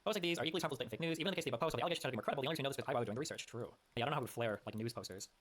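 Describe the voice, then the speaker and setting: A man's voice: mid-range voice, rapid-fire, a bit bright. A man streaming live, reading posts aloud and commenting bluntly with frequent swearing.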